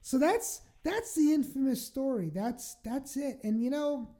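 A woman telling a wild story in casual chat, animated, swearing and laughing as she goes. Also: sits high, a little slow, a little hiss or hum.

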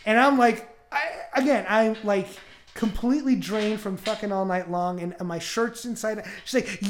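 A man's voice: high-pitched, normal speed. A man on a podcast telling a crude story in a casual, rambling way, laughing often. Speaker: podcast host.

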